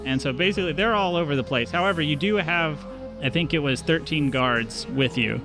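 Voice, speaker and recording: A young man narrating a tabletop game as game master, relaxed and rambling. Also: a little high, fairly quick, over music. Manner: relaxed, rambling, many fillers and restarts.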